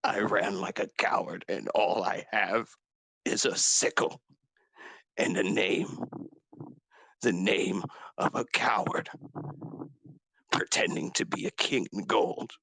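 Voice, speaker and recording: A man voicing a grief-stricken dragonborn warrior, confessing in a raw, halting way with whispered breaks. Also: lowish voice, gravelly, pushed and bright, no room sound, full character voice. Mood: grieving. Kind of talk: tabletop role-play character speech.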